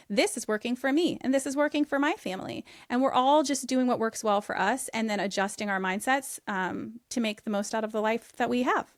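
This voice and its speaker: A woman's voice: fairly high pitch, no echo, clean studio sound. A woman in her thirties, a guest on a podcast, speaking in an upbeat, emphatic way about her views. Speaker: podcast guest, author and podcast host. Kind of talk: casual podcast conversation.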